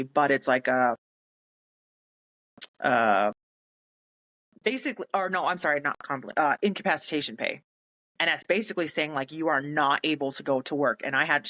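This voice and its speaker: A young woman who is a military veteran tells her own story in an interview, her low, slightly bright voice coming through on poor audio. She is candid and emotional, often acting out what others said to her in rapid retelling.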